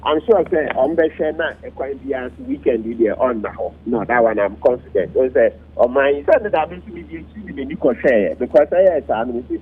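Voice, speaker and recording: A man with a Ghanaian accent, speaking as a commentator in a heated radio talk discussion, switching between languages with wide swings in pitch. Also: fairly quick, hardly any pauses, breathy edge. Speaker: political commentator. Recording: lo-fi radio broadcast.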